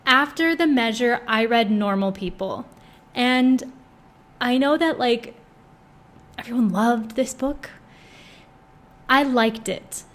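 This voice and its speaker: A woman's voice: fairly high pitch, takes it slowly, long pauses. A young woman in casual chat reviewing books, gushing and chatty, with many fillers. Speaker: book vlogger.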